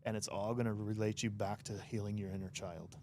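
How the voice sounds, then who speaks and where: A man's voice: fairly low pitch, flat delivery, a little fast, a little mellow, slight background noise. A man being interviewed as a podcast guest, talking frankly and directly. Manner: frank and direct, with some swearing. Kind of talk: casual conversational interview.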